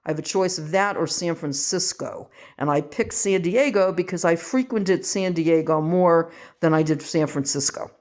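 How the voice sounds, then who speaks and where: An older woman from the western United States talks through a casual home vlog, reading aloud and drifting into rambling asides. She pokes fun at herself as she goes, and her voice sits on the low side. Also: darkish tone. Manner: rambling and self-mocking, with quick laughs. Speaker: vlogger.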